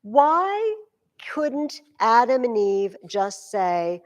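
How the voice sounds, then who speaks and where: A woman teaching a high school class, explaining with energy and acting out quotes dramatically. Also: unhurried, in a large hall. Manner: lively, acts out quotes dramatically. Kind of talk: classroom lecture.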